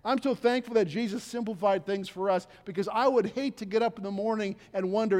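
A man's voice: high-pitched, brisk, a little mellow, in a large hall. An older man preaching a conversational sermon as pastor in a church, often acting out the people he quotes. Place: church sanctuary.

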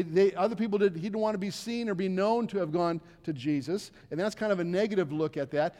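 A man's voice: sits high, darkish tone, big-room sound. An older man preaching a conversational sermon as pastor in a church, often acting out the people he quotes. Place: church sanctuary.

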